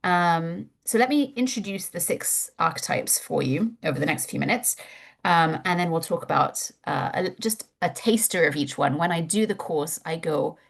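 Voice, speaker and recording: A woman gives a webinar as a course instructor, talking candidly with lively storytelling and the odd casual swear. Her voice sits on the lower side for a woman. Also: moderate pace, vocal fry. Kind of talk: webinar presentation.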